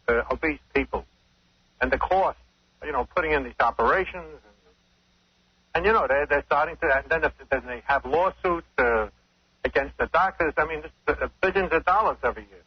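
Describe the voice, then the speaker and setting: A man in his eighties calling in by phone, rambling and halting. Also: on the high side, animated, breathy edge, dry recording, lo-fi sound. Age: 80s. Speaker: caller. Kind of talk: phone call.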